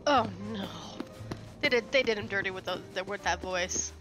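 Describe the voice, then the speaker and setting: A woman's voice: medium pitch, normal speed. A woman giving chatty, playful commentary while she plays a game, calling out to the characters. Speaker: gaming video creator. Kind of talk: casual gameplay commentary. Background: game music.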